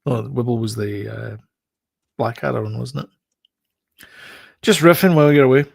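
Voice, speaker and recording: A man's voice: mid-range voice, measured pace, vocal fry, dry recording, clean studio sound. A man co-hosting a podcast, rambling and joking about films and TV. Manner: rambling, jokey, riffs on film trivia. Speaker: podcast co-host. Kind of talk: casual chat.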